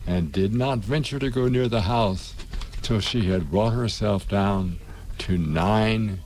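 A man's voice: lowish voice, darkish tone, slight background noise. A man hosting a radio show, narrating a children's classic and chatting loosely between pieces with many fillers. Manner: unhurried, folksy, with fillers. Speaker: radio host and reader. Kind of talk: storybook narration and radio chat.

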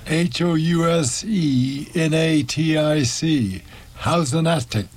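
A man narrating a storybook and hosting a radio show, slow and deliberate. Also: on the high side, darkish tone.

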